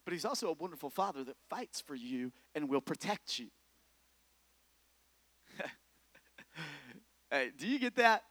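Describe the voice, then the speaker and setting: High-voiced young man preaching with fire. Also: measured pace, pauses often, dry recording. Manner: energetic, building to shouts. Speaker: pastor. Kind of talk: sermon. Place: church.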